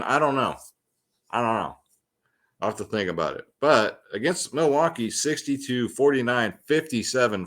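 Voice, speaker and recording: Casual slangy man breaking down picks. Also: mid-range voice. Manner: loose, slangy, chatty with many ums and asides. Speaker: fantasy sports picks host.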